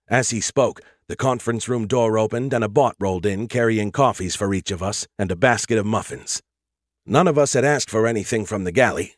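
A man's voice: on the low side, dry recording, clean studio sound. A man narrating an audiobook in the first person, in a wry, conversational way.

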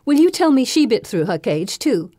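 A woman's voice: a little high, big pitch swings, normal speed, dark tone, no room sound, studio quality, pitched above the performer's own voice. An urgent, pleading young heroine, read by a woman. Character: earnest, alarmed teenage girl heroine.

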